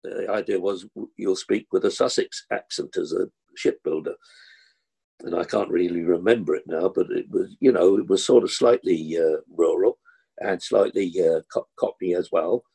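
A man's voice: low-pitched, normal speed, gravelly, dark tone, husky. An older man, chatting as an actor guest and telling rambling anecdotes. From London. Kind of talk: casual interview chat.

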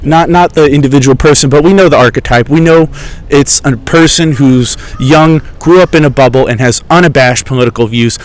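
A man's voice: medium pitch, brisk, poor audio. A young man chats casually as a podcast host, telling rambling stories. His talk is profane and sarcastic, with a wandering, offhand flow. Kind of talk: casual storytelling chat. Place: outdoors in a park.

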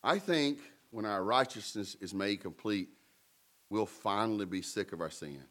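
A man's voice: lowish voice, animated, moderate pace, fairly bright tone. A man preaching a sermon in a conversational way, with playful asides and emphatic peaks. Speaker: pastor.

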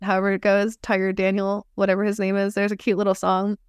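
A woman in her thirties talks about her work in a relaxed, reflective podcast chat. She laughs often and restarts her sentences as she thinks aloud. Her voice sits at a middle pitch and sounds dry and close, with no room around it. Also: quick pace, smooth, no room sound. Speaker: somatic experiencing practitioner, guest. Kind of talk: casual podcast conversation.

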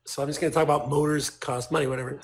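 A man's voice: fairly high pitch, racing, vocal fry. A male toy designer telling stories as a guest in casual, profane talk, acting out what people said. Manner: profane, animated, acts out quotes. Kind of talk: casual storytelling.

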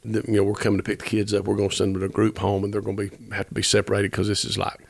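Gravelly earnest man in his fifties. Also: on the low side, completely flat delivery, rapid-fire, dry recording. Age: 50s. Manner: earnest, rambling with restarts, quotes dialogue. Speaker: musician guest. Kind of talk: storytelling in a podcast interview.

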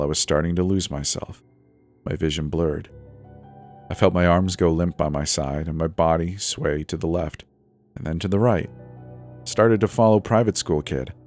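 A man reading a first-person horror story in a measured, suspenseful way. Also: sits low, a little mellow.

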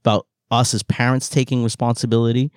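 A man co-hosting a casual parenting chat, talking haltingly with many restarts. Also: mid-range voice, little pitch movement, dry recording, clean studio sound. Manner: halting, many restarts and "you know" fillers. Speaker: podcast co-host.

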